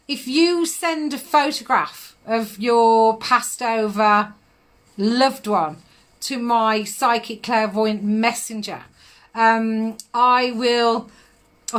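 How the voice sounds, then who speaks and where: A woman's voice: fairly high pitch, a bit bright. A middle-aged woman, giving psychic readings on a live stream in a chatty manner, laughing often and calling viewers darling.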